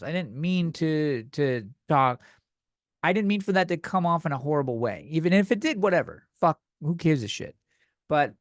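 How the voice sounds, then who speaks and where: A man's voice: a little high, no room sound, studio quality. A man hosting a comedy podcast, talking bluntly with lots of swearing, rambling and restarting his sentences. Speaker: podcast host.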